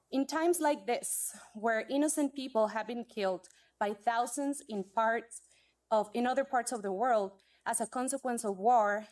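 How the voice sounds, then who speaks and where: Woman commenter, slightly high voice, earnest and prepared, podium mic. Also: darkish tone. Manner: impassioned, reading from notes. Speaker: public commenter. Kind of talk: prepared public comment at a council meeting. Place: council chamber. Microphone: podium microphone.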